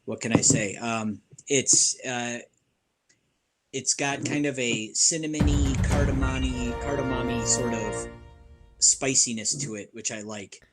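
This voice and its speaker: A man in a band chatting casually on a live stream in a low-key way, trailing off quietly at the ends of phrases. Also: fairly even intonation, measured pace, soft background music. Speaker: band member guest. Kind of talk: casual chat.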